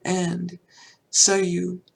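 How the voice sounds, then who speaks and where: A woman's voice: fairly low pitch, completely flat delivery, drawn-out words, gravelly, husky. An older woman hosting a spiritual podcast, talking personally and heartfelt in a rambling way with many fillers. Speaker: podcast host.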